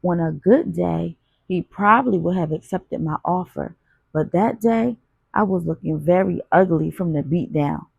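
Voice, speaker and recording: A woman reads a gritty urban audiobook in the first person, her low voice full of gravel and breath. She tells it in a raw, confessional way, recorded close and dry. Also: normal speed, a little mellow, no room sound, highs cut off. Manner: raw, confessional street storytelling. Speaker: audiobook narrator.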